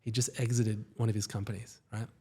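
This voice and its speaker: A man, a company founder, telling stories as a guest in a casual podcast interview, with enthusiasm and quick asides. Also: lowish voice, flat delivery, dark tone, slightly rough.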